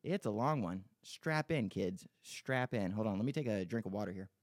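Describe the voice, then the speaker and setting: A man's voice: on the low side, lively intonation, normal speed, no echo, clean studio sound. A man hosting a podcast, rambling and joking, swearing freely as he chats and reads listener emails. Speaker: podcast host. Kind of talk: casual podcast chat.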